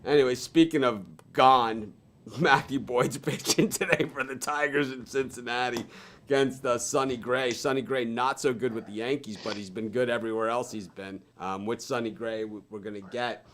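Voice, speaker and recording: A man's voice: medium pitch, steady tone, normal speed, a bit bright. A man hosting a sports betting chat show, talking casually, laughing often and rambling between picks.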